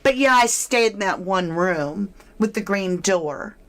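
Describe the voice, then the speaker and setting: A woman's voice: medium pitch, expressive, unhurried, a bit bright. A woman voicing an evasive young man who makes hesitant, offhand excuses.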